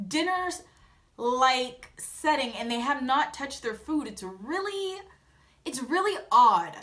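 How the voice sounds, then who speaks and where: A woman's voice: high voice, pushed and bright. A young woman vlogger giving a casual, blunt recap of a reality TV episode and acting out the scenes in quoted voices.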